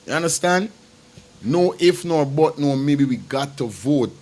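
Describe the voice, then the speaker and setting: A man hosts a casual livestream, talking straight to his viewers. His voice sits a little higher than most men's. He drives each point home by saying it again and again. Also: lively intonation, unhurried, darkish tone. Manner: emphatic and repetitive, talks straight to viewers. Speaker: livestream host. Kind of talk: casual commentary.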